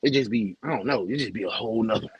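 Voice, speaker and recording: A man's voice: on the low side, quick pace, breathy edge, no echo, dull audio. A young man with a Southern US accent, hosting a casual livestream in a loose, joking, slangy way and greeting viewers by name. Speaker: livestream host.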